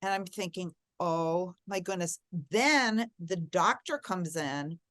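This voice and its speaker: A woman's voice: fairly low pitch, slow, a bit bright, no room sound, clean studio sound. A middle-aged woman, a guest in an interview, telling a personal story in an earnest, reflective way and leaning on key words.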